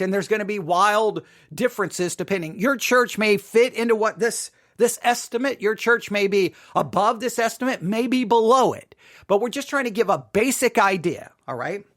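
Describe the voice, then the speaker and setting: A Christian commentator with a high, slightly bright voice delivers an emphatic monologue to viewers. He repeats figures and poses rhetorical questions as his voice cracks.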